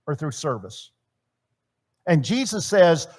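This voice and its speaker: A man teaching a church marriage seminar in a sermon style, swinging between loud emphasis and quiet asides and asking his audience questions. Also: medium pitch, lively intonation, a little slow. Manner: chatty, asks the audience questions. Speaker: seminar speaker. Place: church hall.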